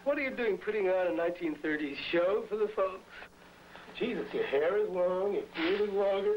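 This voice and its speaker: A man's voice: high-pitched, lively intonation, moderate pace, lo-fi sound. A man teasing a friend in crude, joking language. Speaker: visiting friend. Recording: noisy old field recording.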